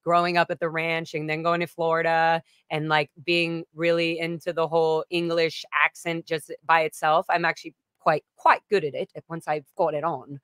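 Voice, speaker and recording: A woman's voice: low-pitched, flat delivery, normal speed, hardly any pauses, a bit bright, clean tone, dry recording, clean studio sound. Rambling, swearing woman singer on a call. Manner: rambling, swears freely, restarts sentences. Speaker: singer and interview guest. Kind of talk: casual interview chat. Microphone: video call.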